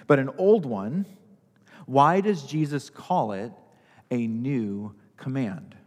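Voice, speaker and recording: A man's voice: mid-range voice, animated, slow, a little mellow, big-room sound. A male pastor preaching a sermon, repeating key phrases for emphasis.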